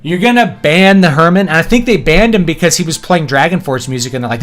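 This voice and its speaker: A man's voice: a little high, quick pace, a bit bright, faint music behind. A man from East Texas chatting casually while playing a video game, rambling from topic to topic and laughing often. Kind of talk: casual gameplay commentary.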